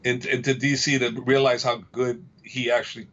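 A man's voice: medium pitch, little pitch movement, brisk, a bit bright, muffled recording. A man, a fight coach, telling gym stories in a casual chat. He repeats himself and acts out what other people said. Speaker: fight coach and podcast guest.

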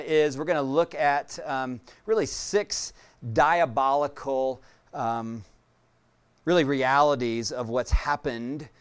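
A man preaching a sermon as pastor, earnest, with frequent fillers and pauses. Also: medium pitch, smooth.

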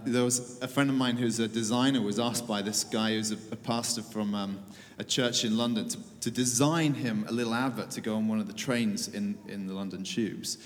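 A man's voice: mid-range voice, in a large hall. A man, a church leader, giving an informal talk to an audience, conversational and hesitant with fillers and dry humor.

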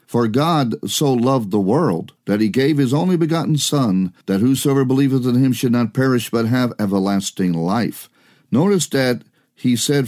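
A man's voice: medium pitch, a little mellow. Man preaching in a conversational radio sermon. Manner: conversational preaching with rhetorical questions and frequent "uh" fillers; swings between quick bursts and slow, stressed words. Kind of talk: broadcast sermon.

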